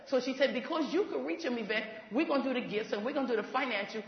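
A woman in ministry telling a faith testimony, animated and laughing as she goes, acting out what others said. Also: on the high side, fast. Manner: animated, laughs while talking, acts out quoted voices. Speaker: ministry leader. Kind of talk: testimony storytelling. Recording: echoey hall, dull lo-fi sound.

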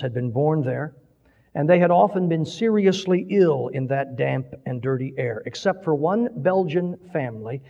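Dramatic preacher in an echoing hall. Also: male voice, medium pitch. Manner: dramatic, swelling and dropping delivery. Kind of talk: sermon storytelling. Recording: dull recording with long hall reverb.

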